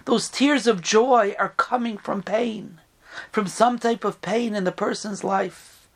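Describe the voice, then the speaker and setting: A man teaching a Torah class, reading out Hebrew texts in a chanting study-hall cadence. He rises in pitch to stress a point, drops low and soft when quoting sources, and often clears his throat. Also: slow. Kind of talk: Torah lesson.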